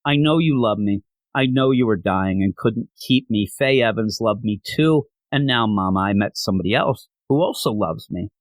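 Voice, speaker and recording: A man reading out a young woman speaking tenderly at her mother's grave, softly and with heartfelt warmth. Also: on the low side, animated, normal speed, dry recording, lightly acted.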